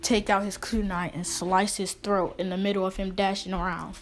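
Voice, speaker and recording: A woman's voice: mid-range voice, little pitch movement, moderate pace, slight background noise. A woman improvising a fan story, rambling with many restarts and fillers.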